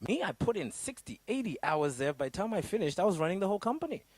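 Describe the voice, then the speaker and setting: A middle-aged man from Africa giving a motivational business workshop, swinging between loud high bursts and low quiet asides. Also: big pitch swings, fast talker, dry recording. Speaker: business coach.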